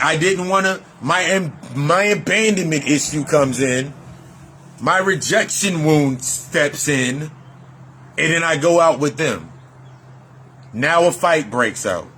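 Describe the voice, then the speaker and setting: Man, life coach, bright, pushy delivery, preachy and profane, looping repetition. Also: on the high side, slight background noise. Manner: blunt, preachy, repetitive, swears freely. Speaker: life coach and shadow-work healer. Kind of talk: motivational monologue.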